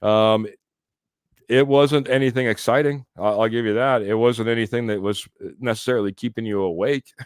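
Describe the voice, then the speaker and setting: A man hosts a live sports podcast, reading out viewer comments and chuckling along as he goes. His voice sits on the low side and sounds smooth and resonant. The sound is dry and close to the mic. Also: no room sound. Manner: chatty, laughs often, reads comments aloud. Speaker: podcast host.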